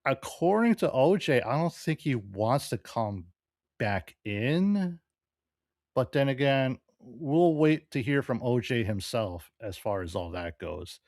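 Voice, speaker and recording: A man hosting a show, giving offhand casual commentary between clips and trailing off softly at the ends of lines. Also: medium pitch, lively intonation, slow pace, dry recording, clean studio sound. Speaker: show host narrating over clips.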